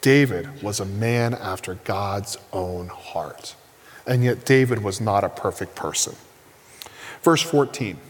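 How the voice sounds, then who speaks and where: A man preaching a sermon as pastor, animated and asking his listeners rhetorical questions. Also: on the low side, slow pace, long reverb tail.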